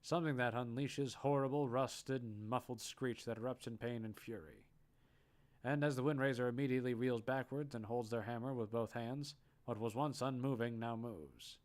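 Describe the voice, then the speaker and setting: A man's voice: mid-range voice, fairly even intonation, moderate pace. A man narrating audition scripts aloud, reading steadily and correcting small slips as he goes. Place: online voice chat.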